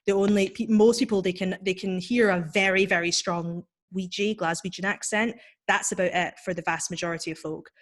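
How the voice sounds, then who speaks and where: A woman's voice: mid-range voice, fairly even intonation, brisk. A woman from Scotland with a general Scottish accent, speaking confidently and forthrightly as a guest in a casual video-call conversation. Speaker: guest author.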